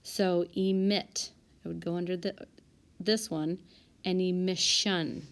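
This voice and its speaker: Woman teacher reading out spelling sorts, kinda low voice, stops to fix herself sometimes. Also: fairly even intonation, slow. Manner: sorting words aloud, stopping to correct herself. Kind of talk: spelling lesson over a whiteboard app. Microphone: tablet mic, voice-over.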